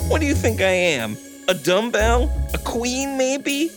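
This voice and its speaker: A man voicing a whining, wheedling male gunman who yells in a shrill, cartoonish voice. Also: big pitch swings, measured pace, music in the background, full character voice. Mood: frantic.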